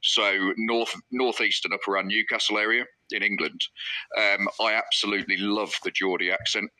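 Male author guest, low and bright-toned, chatty podcast talker who restarts his sentences. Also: steady tone, moderate pace, rough recording. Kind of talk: casual podcast interview.

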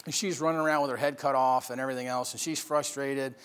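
A man preaching a sermon, swinging from loud emphatic bursts to quiet storytelling. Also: medium pitch, steady tone, fast, clear, resonant tone. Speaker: pastor.

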